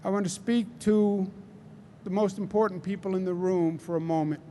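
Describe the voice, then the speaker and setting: A man with a Queens New York accent giving a press briefing as a government official, speaking deliberately and emphatically with rhetorical check-ins. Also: sits high, steady tone, mellow, slight background noise. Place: large indoor site with construction behind him.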